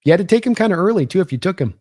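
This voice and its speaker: A man's voice: high voice, lively intonation, rapid-fire, a little mellow, no echo, studio quality. A young man hosting a live football stream, rambling casually, reading viewer comments aloud and thanking them by name. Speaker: sports livestream host.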